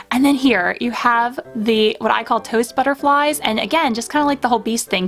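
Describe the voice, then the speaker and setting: A young adult woman chatting enthusiastically in a casual show-and-tell vlog, gushing over items from her collection. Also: on the high side. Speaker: pin collecting YouTuber.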